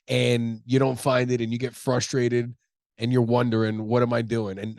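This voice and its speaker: Alone on his own show, a thirty-something comedian with allergy-clogged sinuses chats casually and profanely, drifting from topic to topic. His mid-range voice has a darkish tone and no echo.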